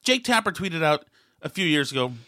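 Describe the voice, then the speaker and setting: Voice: mid-range voice, big pitch swings, brisk, sharp tone. A talk show commentator giving rambling, sarcastic opinion with many asides and restarts. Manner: rambling, sarcastic, mimics others in quotes.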